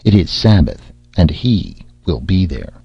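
A man's voice: deep voice, big pitch swings, unhurried, creaky, husky, no room sound, full character voice. A man voicing a scheming, sly female witch who coaxes and mutters in an audiobook reading. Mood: secretive. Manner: coaxing, muttering, secretive. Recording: slightly dull lo-fi audio.

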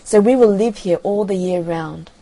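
A woman's voice: mid-range voice, normal speed, warm tone, lightly acted, rough recording. A woman reading the lines of gleeful winter spirits of snow and frost in a storybook.

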